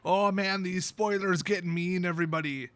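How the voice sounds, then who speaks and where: A man's voice: high voice, steady tone, normal speed, a bit bright, clean tone, no echo. A man hosting a card spoiler review in a joking, exaggerated put-on Irish accent. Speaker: channel host.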